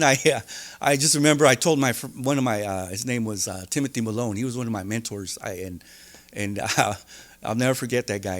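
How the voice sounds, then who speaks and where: A man, a podcast guest, telling his story openly in an animated way, with many restarts, acting out the voices of the people he quotes. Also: lowish voice. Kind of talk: candid storytelling interview.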